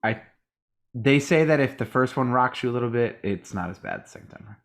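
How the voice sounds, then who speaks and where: A tired man co-hosting a podcast speaks fairly quickly in an expressive, mid-range voice. He rambles through casual chat, swears freely, and acts out other people's lines.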